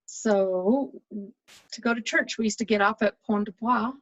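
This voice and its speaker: A middle-aged American woman vlogger chats casually and nostalgically while touring old places on a map. Her voice is fairly high and unhurried, and the audio is dull with no echo.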